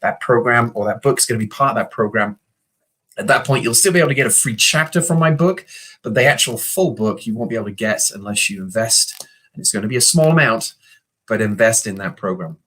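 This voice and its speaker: A man's voice: fairly low pitch, a little fast, fairly bright tone, slightly rough. A middle-aged man hosting a motivational video talk, earnest, telling stories and acting out the voices in them. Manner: earnest, storytelling, acts out quoted voices. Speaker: host.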